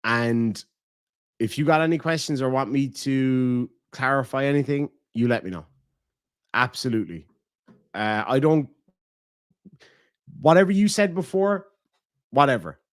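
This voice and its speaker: Irish male streamer, blunt and profane, mid-pitched, dry close sound, casual donation-reading chat. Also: a little slow, pauses often, no echo. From Ireland. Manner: blunt and profane, animated swings in loudness. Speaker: livestream host.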